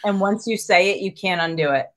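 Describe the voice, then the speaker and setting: A woman who works as a trainer and coach, speaking as a podcast guest in an animated, chatty way full of "like" and restarts. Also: medium pitch, fairly quick, slight background noise. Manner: animated, filler-heavy talk with frequent "like" and restarts. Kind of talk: casual interview conversation.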